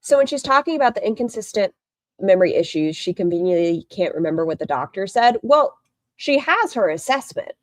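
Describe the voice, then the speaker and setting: A woman's voice: medium pitch, very animated, fairly quick, dry recording. Blunt, sarcastic woman streamer. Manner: blunt and sarcastic, swears freely. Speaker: live-stream host. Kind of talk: live-stream reaction commentary.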